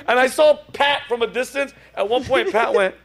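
A man's voice: very high voice, moderate pace, a bit bright. A man hosting a comedy podcast, telling stories animatedly, swearing, acting out quoted voices and laughing often.

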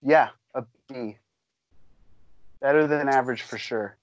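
A man's voice: mid-range voice, unhurried, no room sound, low-quality recording. Rambling, chatty man on a podcast. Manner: rambling, enthusiastic, many fillers. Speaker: podcast co-host. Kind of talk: casual chat.

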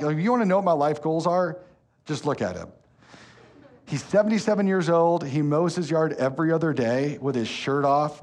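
A man, preaching a sermon as pastor, telling stories with lively energy and turning soft and slow when earnest. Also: a little high. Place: church hall.

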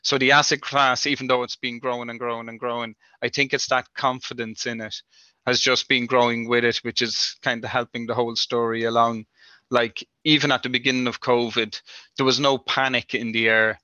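Steady-toned man, rambling, slightly muffled. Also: mid-range voice, a little fast, no room sound. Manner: rambling, frequent "you know, like" fillers. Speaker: industry guest. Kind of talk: conversational interview answers.

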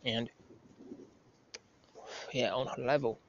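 A man's voice: medium pitch, fairly even intonation, takes it slowly, a bit bright, a little hiss or hum. A man in his thirties telling a rambling, profane anecdote as a podcast host, often correcting himself as he goes. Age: 30s. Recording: slightly muffled lo-fi recording.

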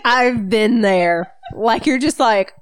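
A woman's voice: on the high side, slow, smooth, dry recording, studio quality. A woman co-hosting a book podcast, chatting casually about a novel with eager commentary and frequent laughter.

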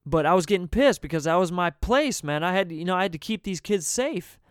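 A man's voice: high-pitched, expressive, a little fast, clear, resonant tone, no echo, studio quality. A man casually telling a story in a profane, laid-back way, laughing between sentences and dropping "man" often.

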